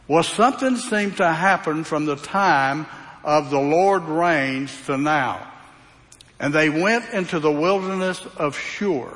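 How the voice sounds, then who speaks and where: A man's voice: a little high, a bit bright. A man preaching a verse-by-verse Bible sermon in a folksy way, putting rhetorical questions to the congregation. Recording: reverberant hall sound.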